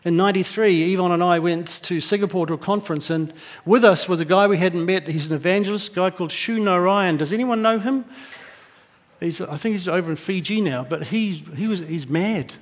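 High-voiced New pastor preaching. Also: male voice, fairly quick. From New Zealand. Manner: lively, humorous storytelling. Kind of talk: sermon with personal anecdotes. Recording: echoey hall.

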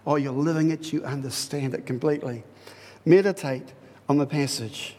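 A man preaching a sermon in a lively, conversational way, repeating phrases for emphasis. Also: on the high side, moderate pace, long reverb tail. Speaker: pastor.

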